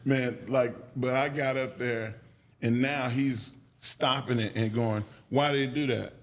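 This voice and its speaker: This man, speaking mid-range at a measured pace, is a podcast guest telling stories. He's casual, profane, and animated, acting out those he quotes with a raised voice during the interview.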